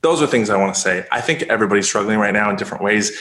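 In a casual interview, a male guest races through his words, rambling and leaning on "like" as he offers encouragement for hard times. His voice is fairly low and a bit bright, with reverb and slight background noise.

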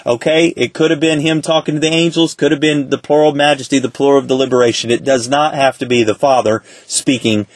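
A man's voice: mid-range voice, level tone, dry recording. Man teaching a Bible lesson, dry sound. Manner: conversational, asks rhetorical questions; slows down to quote scripture.

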